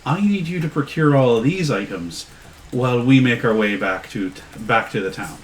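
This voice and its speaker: A man voicing a stern, motherly older woman who speaks softly but firmly. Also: mid-range voice, animated, normal speed, slight background noise, lightly acted, rough recording.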